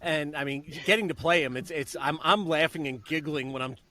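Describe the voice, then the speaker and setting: A man's voice: a little high, a little fast, pushed and bright. A man, a voice actor guest, chatting casually and enthusiastically about his role. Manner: enthusiastic, rambling. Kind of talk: casual chat.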